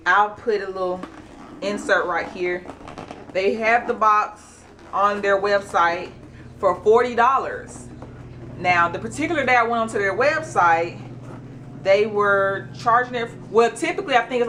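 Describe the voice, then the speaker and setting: A woman chatting casually through an unboxing, animated and excitable. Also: mid-range voice, a little hiss or hum. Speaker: beauty vlogger.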